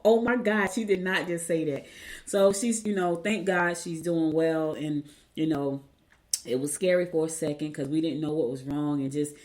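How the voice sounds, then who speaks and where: An older woman with a low voice hosts a morning show, chatting casually with viewers. She tells an animated story and addresses them as y'all.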